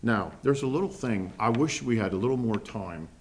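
A man teaching a Bible lesson to a small group, earnest and halting, often restarting his sentences. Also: fairly low pitch, animated, slight background noise. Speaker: preacher.

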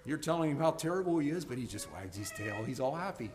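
A man preaching a sermon to a congregation. He swings between loud, emphatic peaks and low, soft stretches, and often repeats words as he restarts. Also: very animated, fast, slight background noise.

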